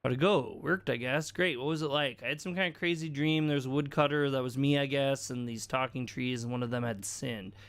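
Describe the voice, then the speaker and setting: A man's voice: medium pitch, fairly even intonation, fairly quick, hardly any pauses, fairly bright tone, clean tone. A man streaming a game live, reading its text aloud and casually commenting and laughing.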